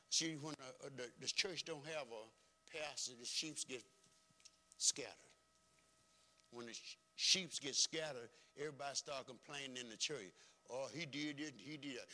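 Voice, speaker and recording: Emphatic folksy preacher man, bright voice. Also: on the high side. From rural background. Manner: folksy, emphatic preaching with sudden swings in loudness. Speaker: pastor. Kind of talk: sermon.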